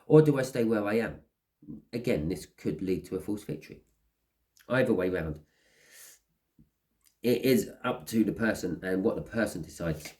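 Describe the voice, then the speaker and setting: A man's voice: sits low, a little mellow. A man giving a casual tarot reading, rambling and acting out little scenes as he talks. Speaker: tarot reader.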